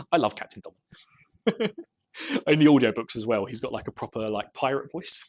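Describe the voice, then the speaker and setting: A man talks through a book chapter in easygoing podcast chat, chuckling between thoughts. His voice sits at an ordinary middle pitch. The recording is muffled and lo-fi. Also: sing-song, measured pace, slightly rough. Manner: chuckles often while recapping. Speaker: podcast co-host. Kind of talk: casual book discussion chat. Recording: dull lo-fi podcast audio.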